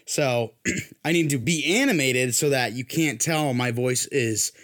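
A man's voice: mid-range voice, unhurried, fairly bright tone. Young man hosting a sports podcast. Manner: loose, joking, pushes himself to sound hyped. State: worn-down voice. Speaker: podcast host. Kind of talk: casual sports podcast chat.

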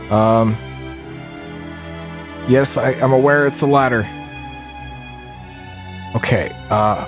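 Male gamer, casual let's play commentary, mid pitch, swears a lot, flares up easily, soft music under. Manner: excitable, swearing freely, frustrated outbursts. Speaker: gamer playing a video game.

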